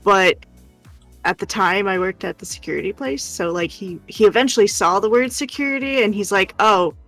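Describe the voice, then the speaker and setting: A woman's voice: mid-range voice, brisk, a bit bright, faint music behind. A woman streamer telling stories in casual chat and laughing often. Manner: chatty storytelling, laughs often.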